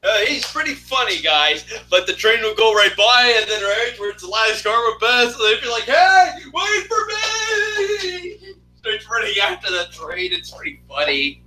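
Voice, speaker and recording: High, sharp-voiced rambling man. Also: lively intonation, normal speed, few pauses, low-quality recording. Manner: rambling, lots of fillers and restarts. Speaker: streamer chatting with viewers. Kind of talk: casual chat.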